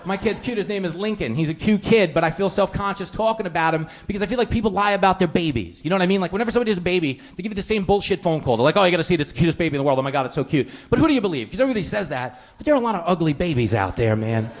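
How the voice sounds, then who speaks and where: A man doing a stand-up routine with rapid dark jokes and mock phone calls. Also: sits high, animated. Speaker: stand-up comedian.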